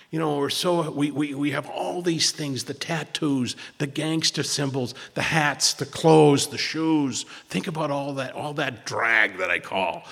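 A man's voice: mid-range voice, creaky, a bit bright, slightly rough, in a large hall. A man telling personal stories at a twelve-step recovery meeting, rambling, restarting often and acting out what people said. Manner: rambling storytelling with many restarts and acted quotes.

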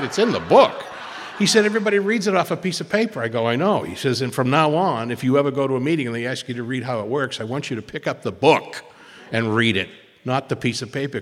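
A man shares his testimony at a recovery meeting in a storytelling way. He acts out the lines of the people in his story and often doubles back on his words. His mid-pitched voice rings with the long reverb of a hall. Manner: storytelling, acts out quoted dialogue, repeats words. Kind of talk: personal testimony talk.

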